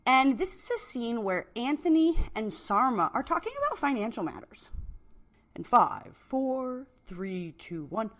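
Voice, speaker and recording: Playful, lively woman hosting a podcast. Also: fairly high pitch. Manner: playful, laughs often, swears casually, quick bursts. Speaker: podcast host. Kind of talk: casual chat.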